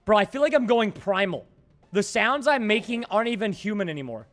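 A man commentating his own game on a livestream, excitable and jokey, shouting when frustrated. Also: high voice, brisk, faint music behind. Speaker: gaming livestreamer. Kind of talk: casual gaming livestream commentary.

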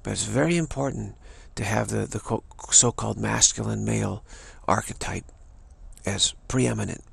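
A man's voice: on the low side, moderate pace, gravelly, fairly bright tone, slightly rough. A man giving an emphatic spiritual talk, repeating and restarting phrases as he presses his point. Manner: emphatic, repetitive, many restarts. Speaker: spiritual teacher.

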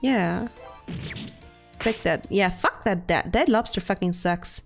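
A giggly, playful woman chatting casually while she streams a game with friends, her pitch sitting mid-range. She keeps slipping into squeaky silly voices between jokes. Faint music plays underneath her talk. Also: slow, creaky. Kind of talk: casual gameplay chat with friends.

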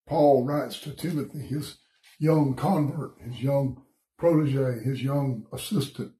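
Folksy pastor with a cough, echoey room. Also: male voice, mid-range voice, slow, mellow. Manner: folksy, chatty, reads scripture aloud. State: coughing, slightly sick. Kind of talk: informal Bible study teaching. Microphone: streaming setup, morning online study.

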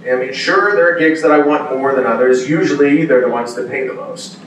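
A man's voice: mid-range voice, brisk, slight background noise. Man telling stories in echoey hall. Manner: animated storyteller, acts out quoted exclamations. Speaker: voice actor guest at a convention panel. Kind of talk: casual storytelling Q&A. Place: large convention hall. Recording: echoey hall audio from far off.

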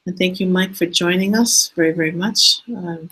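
A woman hosting an online teaching hangout over a video call, speaking in a hesitant, halting way and slowing down to spell out details. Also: fairly low pitch, fairly bright tone, husky, rough recording. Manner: hesitant, halting speech that slows down to spell things out. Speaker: host of an online teaching session.

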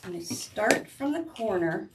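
A woman's voice: medium pitch, very animated, unhurried, background noise. Chatty woman demonstrating a craft. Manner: chatty and rambling, restarts sentences while working with her hands. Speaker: craft tutorial host. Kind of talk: casual step-by-step craft demonstration.

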